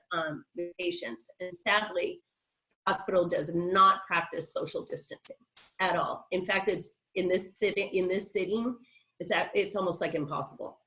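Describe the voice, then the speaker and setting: A woman's voice: fairly low pitch, a bit bright, poor audio. A middle-aged woman on a video call, telling a personal story in a chatty, rambling way with frequent restarts and laughs. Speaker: guest speaker.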